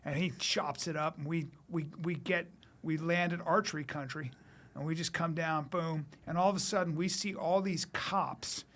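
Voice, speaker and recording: Guy with a high voice telling wild stories, swears a lot, punchy and jumpy delivery. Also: fairly even intonation, fairly bright tone. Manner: profane, fast-shifting, punchy delivery. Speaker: guest comedian. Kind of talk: animated storytelling in casual chat.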